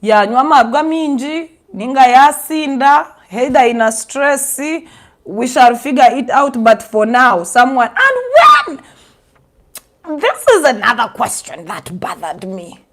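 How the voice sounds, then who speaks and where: A young Ugandan woman with a Ugandan accent giving sarcastic, animated commentary, switching languages mid-sentence. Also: high-pitched, measured pace. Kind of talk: casual commentary monologue.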